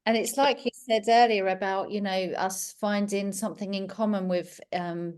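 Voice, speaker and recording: Measured woman host on a video call. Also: mid-range voice, fairly even intonation, darkish tone, smooth. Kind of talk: casual video call chat.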